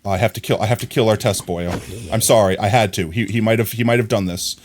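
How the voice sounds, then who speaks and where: A man streaming a video game live, talking to himself in excited, frantic bursts as he plays. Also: on the low side, quick pace, a little hiss or hum. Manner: excitable, frantic, talks to himself while playing. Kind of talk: live gameplay commentary.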